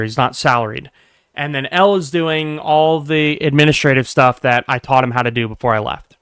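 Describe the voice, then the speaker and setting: A young man telling a workplace story in a casual, profane, animated rant, swinging between low mutters and loud bursts. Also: smooth. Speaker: vlogger.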